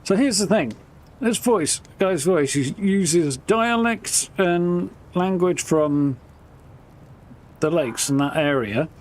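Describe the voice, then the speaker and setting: A man's voice: high-pitched, expressive, slow, slight background noise. A man giving casual, rambling live gameplay commentary, thinking aloud. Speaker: streamer.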